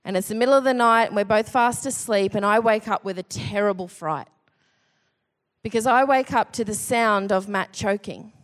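A woman in her thirties telling a funny personal anecdote in an animated, self-deprecating way. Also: medium pitch, moderate pace. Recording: long hall reverb.

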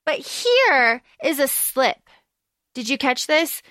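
Bright, high-voiced woman podcast co-host. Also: slow pace, dry recording. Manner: animated, acts out characters' lines with swearing. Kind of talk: casual film recap chat.

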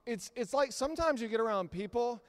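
A man preaching a sermon in an animated, conversational storytelling manner. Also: very high-pitched, brisk, long reverb tail. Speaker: pastor.

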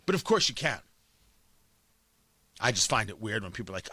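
A man's voice: on the low side, big pitch swings, fairly quick, pushed and bright, husky, no echo. A man hosting a talk show, delivering an opinionated, emphatic monologue and often repeating words as he restarts a thought. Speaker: radio talk host.

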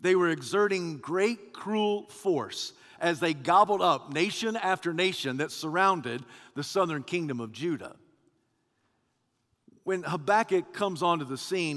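A man preaching a sermon with emphatic, rhythmic repetition that swells toward shouting. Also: sits high, big-room sound.

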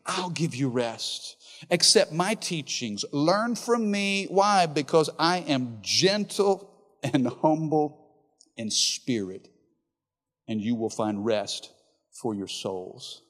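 A man preaching a sermon as pastor, passionate, swinging between loud emphasis and soft, quiet lines. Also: on the high side, lively intonation, slow. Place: large church hall. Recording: reverberant church hall.

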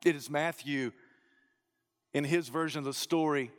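A man preaching a sermon, rising to loud emphatic peaks and dropping to low, hushed phrases. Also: normal speed, long reverb tail.

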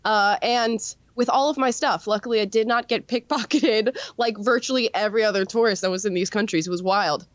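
A woman's voice: mid-range voice, brisk, hardly any pauses, no echo. Giggly woman on a dull, dry mic. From America. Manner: giggly, easygoing. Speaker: guest commentator. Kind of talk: casual interview chat.

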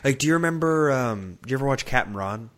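A man co-hosting a casual podcast, musing about old comedy movies in a relaxed, conversational way. His voice sits at an ordinary middle pitch. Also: fast. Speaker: podcast co-host. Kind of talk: casual chat.

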